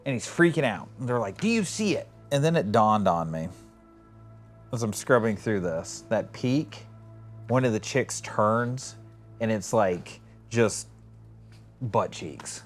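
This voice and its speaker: A man co-hosting a podcast in casual chat, telling stories in a rambling, animated way and acting out quotes with swearing. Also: lowish voice, slow, faint music behind. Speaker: podcast co-host.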